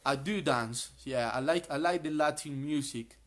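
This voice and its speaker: A man joins a live online English lesson as a guest. His voice is fairly high for a man. He talks in a friendly, relaxed way and explains things plainly. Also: moderate pace. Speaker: guest sharing travel tips. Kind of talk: casual chat in an online English class.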